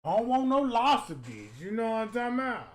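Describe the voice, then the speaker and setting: A man giving profane comedic roast commentary that is loud, crude and mocking, with sudden shouts. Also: very high-pitched, big pitch swings, brisk. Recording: roomy echoey room.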